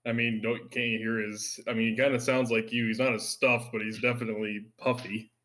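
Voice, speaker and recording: A man with a deep, loud voice chatting casually and crudely with friends before a tabletop game session. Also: flat delivery, a little fast. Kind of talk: casual pre-game chat.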